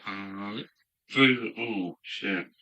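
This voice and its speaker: A man's voice: on the low side, very slow, pushed and bright, muffled recording. An older man from England, musing aloud to himself in a rambling live-stream chat from his home hobby room. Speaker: model railway streamer.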